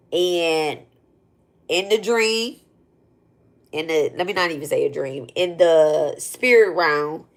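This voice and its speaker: Blunt, profane female creator with a lowish voice, rambling through a personal story. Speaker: spiritual content creator. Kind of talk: casual storytelling rant.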